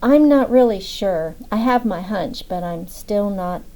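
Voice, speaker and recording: A woman voicing a huge, gentle male agent in an audiobook, speaking in a reassuring way. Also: mid-range voice, animated, a little slow, lightly acted. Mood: uncertain.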